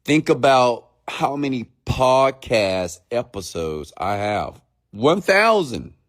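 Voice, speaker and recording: A man coaching his live-stream audience, speaking slowly and deliberately and often checking in with them. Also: medium pitch, very animated. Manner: slow, deliberate speech with long pauses, often checking in with the audience; mimics fast rambling talk to show the contrast.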